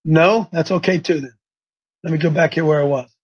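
High-pitched guy hosting a call-in show, rambles and gets all fired up. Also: brisk, husky, lo-fi sound. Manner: excitable, preachy, rambling.

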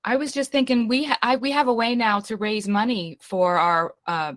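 A woman's voice: on the high side, steady tone, moderate pace, dry recording. A woman calling in to a talk show, speaking hesitantly with many fillers. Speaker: caller. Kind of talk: casual call-in chat.

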